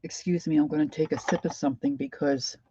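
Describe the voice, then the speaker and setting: A woman's voice: low-pitched, steady tone, quick pace, warm tone, lo-fi sound, a little hiss or hum. An older woman with a Philadelphia accent, chatting casually on a craft livestream and greeting viewers by name. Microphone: desk microphone.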